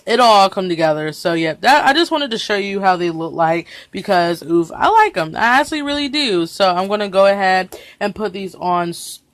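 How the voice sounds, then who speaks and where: A young woman in her twenties chatting casually to her vlog camera, talkative and easily excited, often breaking into giggles. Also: mid-range voice, normal speed, dry recording. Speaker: vlogger.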